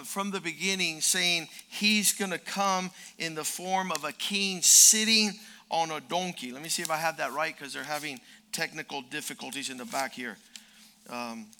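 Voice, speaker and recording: A man preaching a sermon as pastor, animated, jumping from quiet asides to loud shouts. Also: high voice.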